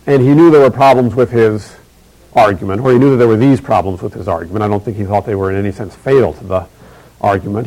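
A middle-aged man giving a recorded university lecture, measured and emphatic, slowing to repeat key phrases. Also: medium pitch, a little mellow, low-quality recording.

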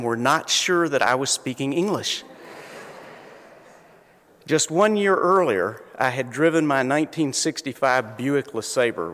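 Southern nc guy drawling out funny stories real slow, mid pitch, long hall echo. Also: fairly bright tone. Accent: Southern US, North Carolina. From North Carolina, US. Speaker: invited speaker. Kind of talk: humorous storytelling talk. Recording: long reverb of a lecture hall.

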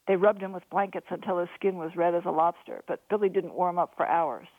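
A woman author reading her own novel aloud in a steady storytelling manner. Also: on the low side, a little fast, no echo. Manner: steady storytelling, lively voices for dialogue. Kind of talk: audiobook narration. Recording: dry, phone-like narrow sound.

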